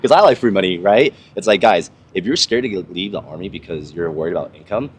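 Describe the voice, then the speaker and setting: A man's voice: low-pitched, expressive, fast, slight background noise. A young man, a former soldier, talking casually and profanely on a podcast, rambling through stories with lots of fillers. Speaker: podcast host, army veteran. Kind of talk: casual conversation.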